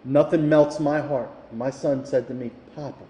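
A man's voice: medium pitch, fairly even intonation, normal speed, warm tone. A male pastor preaching a sermon that builds to fervent emphasis. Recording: echoey hall, reverberant.

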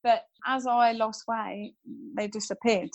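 A woman talks as an interview guest, her fairly high voice bubbling with excitement. She tells stories in a rush, acting out other people's lines. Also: measured pace. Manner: excitable storyteller, quotes people. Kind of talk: casual chat.

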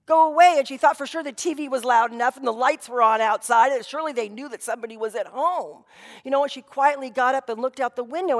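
A woman pastor giving a sermon in a conversational storytelling way, often saying "you know". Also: a little high. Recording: long reverb of a hall.

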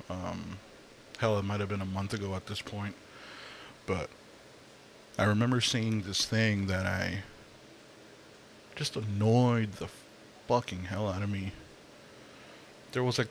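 Slow, low-voiced man ranting casually. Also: slight background noise. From Latino, Spanish speaker. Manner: profane, ranting, frequent fillers and sighs. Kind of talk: casual rant monologue.

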